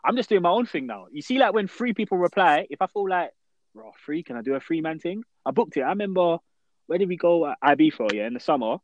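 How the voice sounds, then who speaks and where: A young man chatting casually on a podcast, animated and slangy, acting out mock-outraged exchanges. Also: high voice, quick pace, dry recording, muffled recording. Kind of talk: casual chat.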